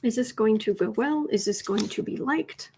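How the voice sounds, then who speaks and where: A woman giving a casual tarot reading, chatty, breaking off now and then to coo and whisper softly to her cat. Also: a little high, moderate pace, a little hiss or hum. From United States. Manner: chatty, drops to soft coos and whispers talking to her cat. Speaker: tarot reader.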